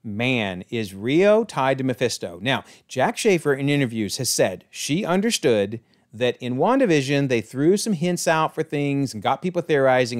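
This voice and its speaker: A man giving a casual, enthusiastic episode breakdown, chatty and often correcting himself mid-sentence. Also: medium pitch. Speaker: YouTube show recapper.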